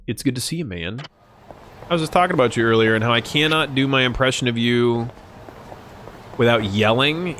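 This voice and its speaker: A man's voice: medium pitch, fairly bright tone. A young man live-streaming a game, chatting casually with lots of swearing and jokes. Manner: casual, profane, joking. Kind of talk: live-streamed gameplay commentary.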